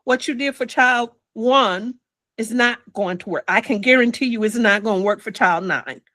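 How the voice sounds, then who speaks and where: An older woman speaks as an interview guest, telling her personal story in a slow, reflective way and whispering on quoted words. A little high and a bit bright, her voice comes through a rough recording without room sound.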